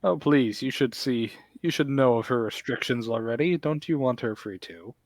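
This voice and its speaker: A man's voice: medium pitch, moderate pace, a little mellow, dry recording, natural voice. A man playing a scornful rich bird patron. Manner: dismissive, condescending. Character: wealthy scheming male bird patron.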